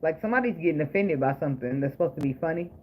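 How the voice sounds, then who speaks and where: A man's voice: a little high, lively intonation, racing, darkish tone. A man giving a casual tarot reading, blunt, profane and joking, with frequent laughs. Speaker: tarot reader. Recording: noisy recording with clicks.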